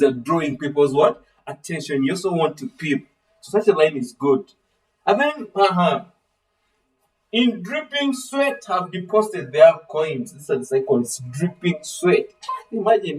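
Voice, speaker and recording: The teacher here is a man with a fairly high voice leading a live literature lesson online. He calls on students by name, asks fill-in-the-blank questions, and animatedly voices the characters. He's recorded from a distance, and the audio is poor.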